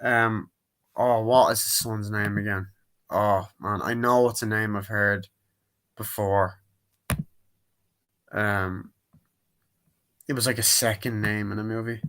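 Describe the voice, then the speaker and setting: A man's voice: steady tone, fairly bright tone, smooth. Rambling young man recapping a movie. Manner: rambling, acts out scenes in quick high-pitched impressions. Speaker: movie reviewer. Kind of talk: casual spoken movie review.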